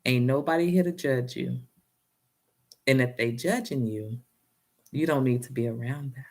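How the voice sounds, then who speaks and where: A woman voicing her calm, loving mother, who reassures her firmly in a slow, low, soothing way. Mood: reassuring.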